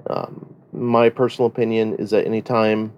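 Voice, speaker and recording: A man answering in a recorded interview, giving advice in a measured way. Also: on the low side, little pitch movement, dull audio.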